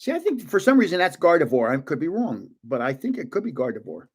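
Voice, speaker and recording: Older guy ripping card packs live, chatty, voice jumps all over, kinda high. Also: quick pace, husky. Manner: excitable, chatty, guessing aloud with frequent laughs. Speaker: card-opening vlogger. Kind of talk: casual live card opening.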